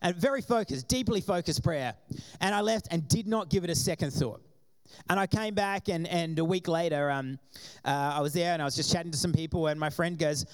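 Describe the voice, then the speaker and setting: High-voiced pastor telling lively stories. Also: male voice, brisk. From Australia. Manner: animated storytelling, acting out quoted voices. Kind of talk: sermon with personal stories. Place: church before a congregation.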